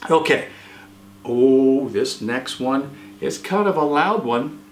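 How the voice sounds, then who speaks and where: A man hosting a children's show, quizzing young viewers and praising each answer warmly. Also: animated, slow pace, slight background noise. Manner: encouraging, praises often, pitch jumps on answers. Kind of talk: quiz for children. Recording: echoey room.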